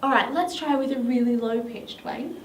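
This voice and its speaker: A woman's voice: high voice, normal speed. A woman with an Australian accent leading a children's drama lesson in an encouraging, sing-song teacher voice. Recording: echoey room, mic at a distance, faint noise.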